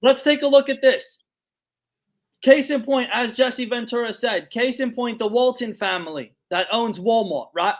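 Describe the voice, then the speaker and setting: A man hosting a podcast, telling stories in an animated, profane way. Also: very high-pitched, moderate pace. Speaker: podcast host. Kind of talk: casual storytelling chat.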